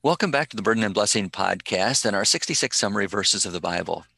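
Man, podcast host, bright forceful tone, lowish pitch, dry close sound. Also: expressive, fast talker, creaky, husky, soft background music. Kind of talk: scripted podcast intro and discussion.

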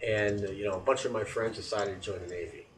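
A man co-hosting a casual chat, telling an animated story with laughter. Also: lowish voice, quick pace, far from the mic, crowd noise, low-quality recording. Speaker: podcast co-host.

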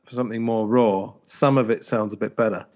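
A lower-voiced man co-hosting a music podcast, thoughtful and a little hesitant. His audio sounds dull and lo-fi, as if from a weaker mic. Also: steady tone, a little mellow. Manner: measured, reflective, hesitant fillers. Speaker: podcast co-host and radio show host. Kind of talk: casual music podcast chat.

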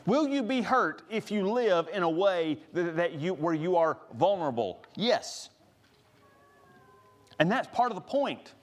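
Earnest pastor guy, high-ish lively voice, leans hard on quoted verses. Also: a little slow. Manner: earnest preaching, rising emphasis on quoted scripture. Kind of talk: sermon.

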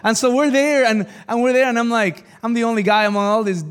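High-voiced pastor telling a lively story. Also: male voice, a little fast, clear, resonant tone. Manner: animated, jokey storyteller who swings from loud exclamations to quiet asides. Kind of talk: sermon with personal storytelling. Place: church service before a congregation.

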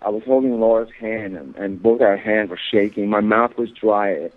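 Male phone-in guest, halting and emphatic, tinny line. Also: lowish voice. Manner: halting, repeats words, grows emphatic. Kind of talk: interview on radio.

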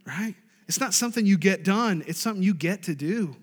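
Pastor, male, high voice, emphatic call-and-response preaching, hall reverb. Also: expressive, brisk. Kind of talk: sermon.

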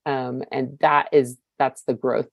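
A woman's voice: extremely low pitch, flat delivery, slow, creaky, no echo, lo-fi sound. A woman in her fifties giving a personal recovery share, candid and searching, with many fillers and casual swearing. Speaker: recovery meeting speaker.

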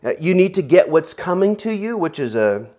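A man's voice: high-pitched, big pitch swings, moderate pace, warm tone. A man preaching a conversational sermon in a rambling way, full of fillers, asides and jokes. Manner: rambling, filler-heavy, joking.

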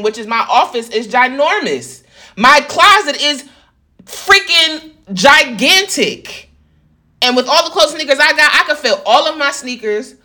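A woman telling a casual storytime rant to her viewers, animated and profane, addressing them as "y'all" from her home office. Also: on the high side. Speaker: vlogger.

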